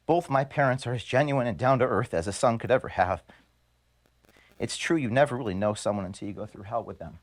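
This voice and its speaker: A man, the founder of an organization, reading an earnest, measured video statement to his staff from his office. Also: mid-range voice. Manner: earnest, measured, grievance-laden. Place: office at headquarters.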